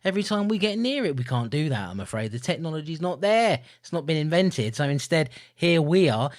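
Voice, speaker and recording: A man's voice: very animated, brisk, dry recording, clean studio sound. A man co-hosting a podcast in casual, jokey, rambling chat, with mock-grumpy outbursts. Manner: jokey, rambling, mock-grumpy with sudden loud high bursts. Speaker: podcast co-host.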